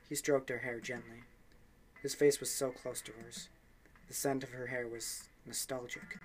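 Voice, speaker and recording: A man's voice: medium pitch, little pitch movement, moderate pace, a little hiss or hum. A young man reading a game's story text aloud for a let's play, with offhand asides and small slips.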